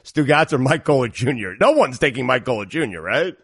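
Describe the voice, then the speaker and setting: A man's voice: mid-range voice, very animated, a little fast, a bit bright, husky, dry recording, studio quality. A man hosting a casual talk show, teasing his co-hosts and laughing often. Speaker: sports radio host. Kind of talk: casual banter.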